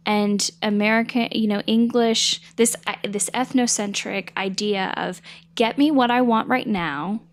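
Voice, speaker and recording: Mid-pitched woman guest, emphatic and earnest, dry close recording. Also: no room sound. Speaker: podcast guest. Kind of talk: casual chat.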